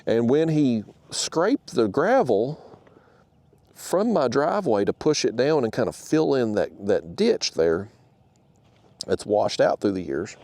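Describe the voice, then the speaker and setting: A man who hosts a fishing channel, telling a story to the camera in an animated, exasperated rant. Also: mid-range voice, takes it slowly, dry recording.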